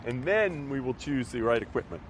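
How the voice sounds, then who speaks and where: A man's voice: medium pitch, animated, a little fast, slight background noise. Talkative man from New Orleans. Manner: talkative, explains ideas at length. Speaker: podcast guest. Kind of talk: casual chat.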